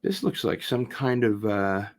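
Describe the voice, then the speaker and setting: A man hosting a casual vinyl record unboxing, chatting as he opens packages and wandering off on tangents. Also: on the low side. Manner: rambling, drawn-out, talks things over while opening packages. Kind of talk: casual livestream unboxing chat.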